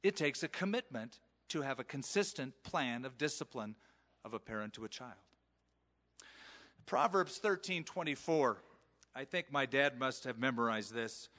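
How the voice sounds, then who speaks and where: A man's voice: mid-range voice, expressive, moderate pace, sharp tone, long reverb tail. A male pastor preaching in a conversational sermon style, acting out the quoted voices of parents. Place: church sanctuary.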